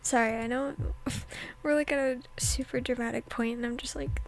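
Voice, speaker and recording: High, gravelly-voiced woman streamer chatting. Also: fairly even intonation, measured pace, a bit bright, a little hiss or hum, poor audio. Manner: playful, mock-dramatic apologizing. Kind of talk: casual gaming chat.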